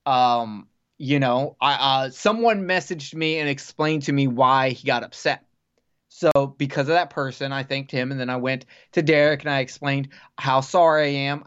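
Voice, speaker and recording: A man on a podcast telling long casual stories, swearing freely and rambling. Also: medium pitch. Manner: rambling, profane, animated storyteller. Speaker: podcast guest. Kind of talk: casual storytelling chat. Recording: dull lo-fi podcast audio.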